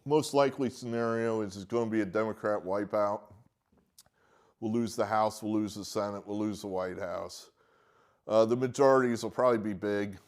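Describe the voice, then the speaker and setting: A man's voice: on the low side, fairly even intonation, moderate pace, a little mellow. A man giving a casual, exasperated political opinion monologue, ranting with sarcastic asides. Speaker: political commentator; poll worker.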